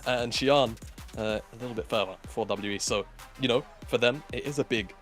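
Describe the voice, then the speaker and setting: A man with a mid-range, somewhat bright voice talks briskly, faint music behind him, as an esports caster co-casting a live broadcast. His casual commentary rambles playfully, and he often corrects himself mid-thought.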